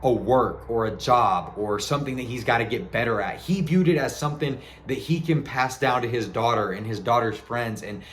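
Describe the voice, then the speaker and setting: A man's voice: medium pitch, moderate pace, hardly any pauses, fairly bright tone, slight background noise. A young man talking casually to camera in an earnest, rambling way, correcting himself as he goes. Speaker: sports video creator. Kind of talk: casual tribute monologue to camera.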